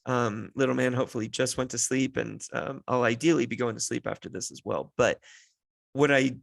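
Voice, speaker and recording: Gravelly, weary dad venting sarcastically. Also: male voice, mid-range voice, brisk, a bit bright, dry recording. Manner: exasperated, sarcastic storytelling. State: tired, run down. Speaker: podcast host and father. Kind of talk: solo podcast monologue.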